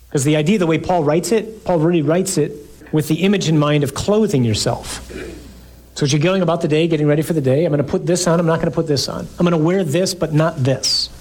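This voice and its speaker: A man preaching to a live congregation, reading scripture slowly and with emphasis, then breaking into quick, joking asides. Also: a little high, a little mellow.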